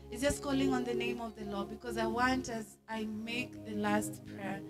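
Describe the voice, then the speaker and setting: A Kenyan woman minister speaking earnestly and softly as she leads a closing prayer at a church service. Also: a little high, fairly even intonation, moderate pace. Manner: soft, earnest spoken prayer. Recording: loud music behind the voice.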